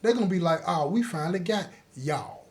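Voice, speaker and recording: High-voiced man telling a story. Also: brisk. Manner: talks straight to listeners, keeps checking they follow; lively, acts out the others in his story. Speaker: host telling his own prison stories. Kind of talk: casual spoken storytelling.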